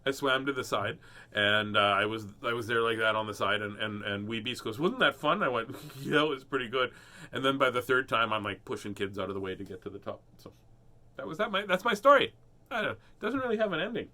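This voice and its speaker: A middle-aged man with a bright, forceful voice tells a rambling personal story in an animated, casual way, chuckling as he goes. He then reads a children's picture book aloud for his listeners. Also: on the low side, brisk. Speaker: host reading children's books.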